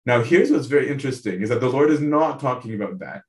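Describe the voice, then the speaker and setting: A man's voice: mid-range voice, expressive, fast. A man teaching a casual Bible study, talking conversationally, often checking in with his listeners and restarting his sentences. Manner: conversational, keeps checking in with "right?"; frequent restarts and repeated words. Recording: echoey room.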